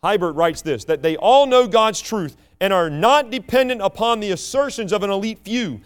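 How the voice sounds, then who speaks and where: Emphatic higher-voiced male preacher. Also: expressive, normal speed, smooth. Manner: teaching, emphatic, rising and falling between loud stresses and quiet asides. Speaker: pastor. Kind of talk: sermon.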